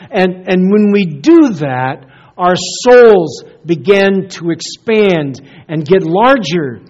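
Man, pastor, sermon, earnest, hushed drops, high voice, muffled lo-fi sound. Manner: earnest, often dropping to a hushed, soft voice. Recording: dull lo-fi recording.

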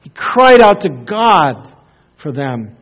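Earnest high-voiced man preaching. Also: big pitch swings, takes it slowly. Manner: earnest, often dropping to a hushed, soft voice. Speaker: pastor. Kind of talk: sermon. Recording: dull lo-fi recording.

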